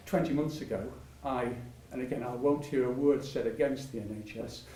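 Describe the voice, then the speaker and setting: A man's voice: medium pitch, normal speed, warm tone, slight background noise. Rambling older man, roomy hall. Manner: rambling, many restarts, laughs often. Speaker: patient speaker at a public talk. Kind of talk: anecdotal public talk. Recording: echoey hall, mic at a distance.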